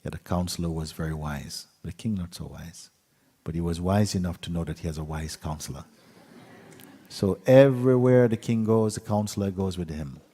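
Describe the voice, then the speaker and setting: A man, a spiritual teacher, telling a fable to an audience in an unhurried way, with pauses, sometimes dropping to a hushed whisper. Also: deep voice, breathy edge, in a large hall. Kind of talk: storytelling talk to an audience.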